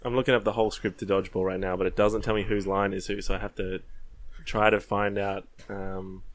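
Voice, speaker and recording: A man's voice: lowish voice, level tone, a little fast. A man co-hosting a podcast, giving dry, blunt opinions in casual chat. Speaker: podcast co-host.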